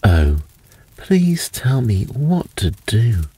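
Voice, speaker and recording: A man's voice: medium pitch, very animated, drawn-out words, warm tone, slightly rough, pitched above the performer's own voice, full character voice. A man voicing a small, frightened male pixie elf who pleads anxiously. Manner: plaintive, anxious.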